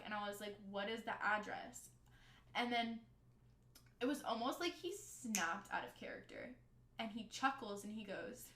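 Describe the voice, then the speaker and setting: A young woman telling a story from her own life in casual storytime style, animated and swearing freely as she quotes the people involved. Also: a little high, normal speed, reverberant.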